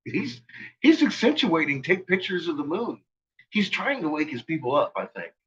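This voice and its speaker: A man with a husky, strained, forceful voice rants on a casual livestream. He swears freely and laughs often, jumping from low mutters to loud shouting. The sound is dull and lo-fi. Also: big pitch swings, normal speed. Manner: profane, laughs often between lines. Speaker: livestream host.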